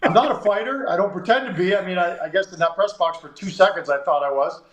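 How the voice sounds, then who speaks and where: A man's voice: high voice, fast, roomy sound, muffled recording. A Canadian man hosting a sports radio show, telling a long story and acting out the dialogue. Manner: animated, acts out quoted dialogue.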